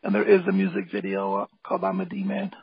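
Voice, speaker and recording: High gravelly man, rambling and eager. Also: big pitch swings, quick pace, dry recording. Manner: rambling, filler-heavy, enthusiastic. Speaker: guest, hip hop artist and graphic designer. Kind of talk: casual interview talk. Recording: dull lo-fi call audio, dry.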